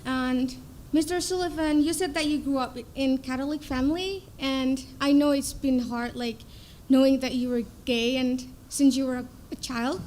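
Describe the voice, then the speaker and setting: A young adult woman asking a quick, earnest, slightly hesitant question from the audience. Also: sits high, fairly even intonation, darkish tone, a little hiss or hum. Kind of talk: question from the floor.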